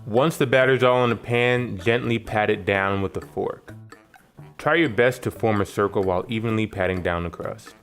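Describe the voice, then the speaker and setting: Low-voiced man narrating a recipe. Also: moderate pace, fairly bright tone, faint music behind. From New York, United States. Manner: wry, joking asides. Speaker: cooking channel host.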